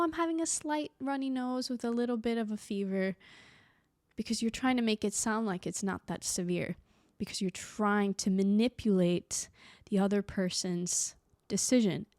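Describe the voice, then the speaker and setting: A woman's voice: medium pitch, studio quality. Casual vlogger woman from sweden, talks through her thoughts, does little voices for people, no room echo. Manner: chatty, animated, acts out quoted people. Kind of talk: casual reflective monologue.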